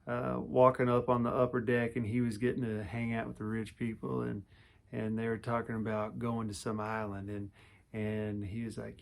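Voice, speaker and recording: Man in his forties, gravelly voice, casual storytelling vlog, rambling with restarts. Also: medium pitch, normal speed. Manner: rambling, lively, full of restarts and fillers. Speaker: vlogger telling a personal story.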